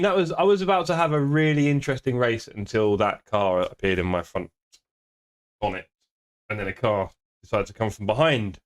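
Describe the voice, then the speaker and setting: Chatty man streaming sim races. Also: mid-range voice. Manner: chatty, joking banter with chat, laughs often. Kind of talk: casual live-stream chat reading viewer comments. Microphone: desk streaming microphone.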